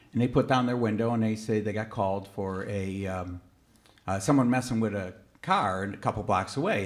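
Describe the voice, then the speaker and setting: A middle-aged man telling a personal story on stage at a museum event, talking conversationally with frequent fillers and pitching his voice up sharply when quoting his own disbelief. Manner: conversational, with many fillers and self-corrections. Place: museum event hall, on stage before an audience.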